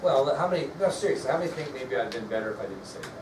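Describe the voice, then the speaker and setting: A man's voice: medium pitch, lively intonation, rapid-fire. A man giving a history lecture to his class, blunt and folksy, often putting questions to the students. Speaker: history teacher. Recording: echoey classroom from far off with noise.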